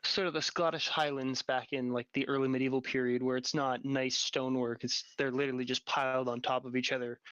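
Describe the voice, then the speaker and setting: A man's voice: mid-range voice, level tone, a little fast, hardly any pauses, a bit bright, clear, resonant tone, dry recording, muffled recording. A man with a sore throat narrating a tabletop game as dungeon master, talking casually with many fillers. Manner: casual, many fillers and restarts while describing scenes. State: getting over a cold, sore throat.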